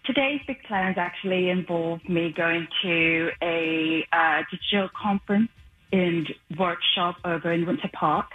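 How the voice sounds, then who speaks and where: A woman calls a radio show in a prim, put-on British accent. Her husky voice comes over a tinny phone line with faint music underneath. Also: lowish voice, a little slow. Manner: prim, overly polite. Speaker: caller.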